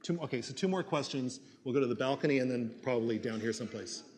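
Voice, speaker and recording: A fast-talking male professor of neuroscience, mid-range and a little mellow in tone, takes questions from the audience at a university assembly. His replies are casual and conversational, peppered with fillers as he reasons out loud.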